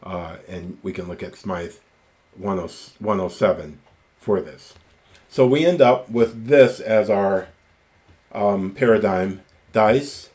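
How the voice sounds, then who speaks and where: A man giving a recorded ancient Greek grammar lecture, reciting word forms slowly and deliberately, with enthusiastic asides. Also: low voice, a little mellow. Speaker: Greek teacher.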